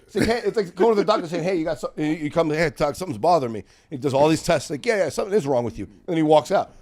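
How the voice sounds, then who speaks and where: A man's voice: fairly high pitch, rapid-fire, a little mellow. A man as a podcast guest in casual comedic chat, riffing with lots of profanity.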